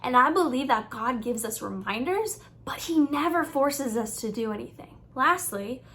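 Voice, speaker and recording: A young Christian YouTuber talks earnestly to her viewers in a faith-based teaching vlog, her voice bright, sharp-edged and a little high. At a moderate pace she presents her teaching with warm conviction and lively phrasing, expressive throughout and playfully acting out the thoughts she quotes.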